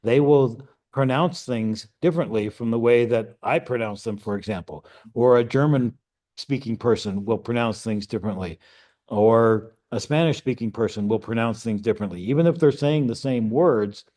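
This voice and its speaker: Man, middle-aged, radio class instructor, conversational lecture, mid-pitched voice, checks in with listeners. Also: moderate pace, mellow. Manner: conversational, explains step by step with frequent "okay?" and "right?".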